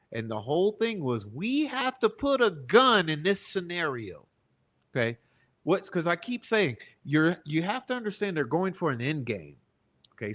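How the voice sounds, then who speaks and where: Brief: male true-crime commentator, slow and deliberate, pitch swinging widely as he leans on words. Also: fairly bright tone. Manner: emphatic, rhetorical, seeks agreement with repeated "okay?" and "right?"; deliberate, stretches key words for emphasis. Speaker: channel host and commentator. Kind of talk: true-crime commentary reading trial testimony.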